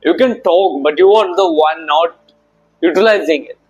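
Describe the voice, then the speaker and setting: A man's voice: fairly high pitch, normal speed, a little mellow, slightly rough, lo-fi sound. A young man giving a casual motivational talk to camera. He speaks informally with slang, addresses the viewer directly and repeats his points. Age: young adult. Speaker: self-help video maker.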